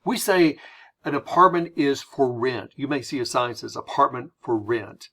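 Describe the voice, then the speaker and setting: A man's voice: mid-range voice, expressive, moderate pace, vocal fry, sharp tone, slightly rough. An American man giving a recorded lesson in a conversational way, explaining his points with everyday examples. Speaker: teacher.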